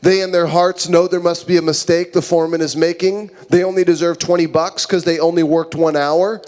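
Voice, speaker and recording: A man preaching a sermon as pastor, retelling a parable with lively acted voices for the characters. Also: on the high side, brisk. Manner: animated storytelling, acting out characters' voices. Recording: long hall reverb.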